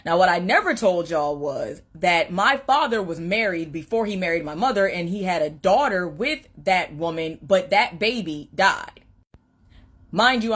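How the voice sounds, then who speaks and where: A woman speaks to her followers in a chatty, dramatic way as she builds up a story. Her voice sits on the lower side for a woman.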